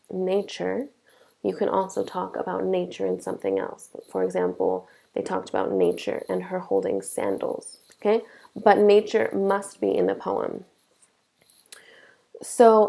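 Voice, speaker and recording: A woman's voice: medium pitch, vocal fry, warm tone. A young woman teaching a lesson, explaining step by step and checking in with "okay?" often. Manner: slow, deliberate explaining with frequent "okay?" checks. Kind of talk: classroom lesson.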